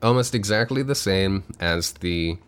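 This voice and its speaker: A man's voice: low voice, measured pace, a little hiss or hum. A man co-hosting a podcast, casually retelling a movie plot with a lot of fillers and the odd swear word. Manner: laid-back, with many fillers and some swearing. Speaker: podcast co-host.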